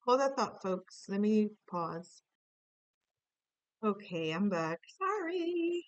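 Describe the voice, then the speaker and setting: A woman's voice: medium pitch, lively intonation, slow, clean tone, no echo, dull audio. A woman giving a casual, playful tarot reading, chatting to her viewers while recording on her computer. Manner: chatty, playful, sings snatches of song. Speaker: tarot reader.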